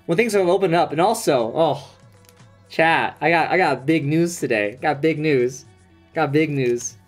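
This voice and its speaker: A young man live-streaming a card pack opening, chatting excitedly with viewers and swearing casually. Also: on the high side, soft background music. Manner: excitable, swearing, quick asides to chat. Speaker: streamer opening trading cards.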